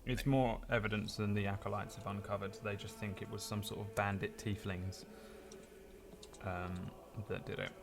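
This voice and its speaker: A man running a tabletop game as game master, relaxed and rambling. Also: fairly low pitch, moderate pace, creaky.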